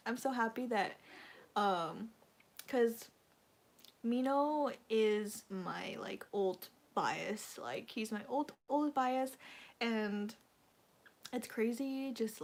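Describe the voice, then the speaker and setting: A young woman chatting on a casual fan livestream, rambling and gushing with lots of fillers, emotional and close to tears. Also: fairly high pitch.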